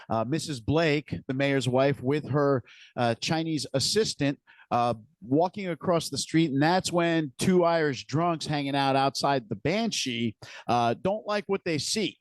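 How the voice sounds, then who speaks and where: A man's voice: mid-range voice, no room sound. A man co-hosting a podcast, retelling scenes from a TV episode in a casual, detailed way. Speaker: podcast co-host. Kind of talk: casual recap chat.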